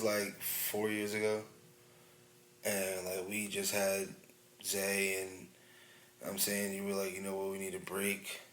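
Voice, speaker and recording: A man's voice: low-pitched, completely flat delivery, unhurried, a bit bright. A young man, co-hosting a podcast in a laid-back, joking way and swearing casually. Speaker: podcast co-host. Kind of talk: casual chat. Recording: echoey room with faint hum.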